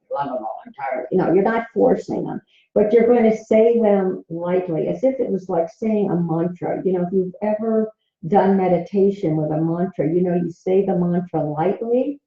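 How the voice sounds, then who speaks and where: A woman dating coach giving gentle, encouraging self-help teaching and laughing often. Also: mid-range voice. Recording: roomy, dull recording.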